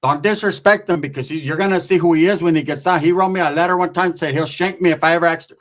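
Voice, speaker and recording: A man's voice: fairly high pitch, fast talker. Profane rambling male storyteller. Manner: profane, rambling, slang-heavy. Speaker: comedic storyteller. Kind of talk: casual comedic storytelling.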